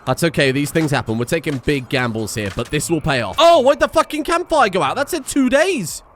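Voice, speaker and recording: A man's voice: a little high, expressive, brisk, fairly bright tone. A man giving exasperated, swearing let's-play commentary on a survival game and talking to the characters on screen. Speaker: gaming video creator.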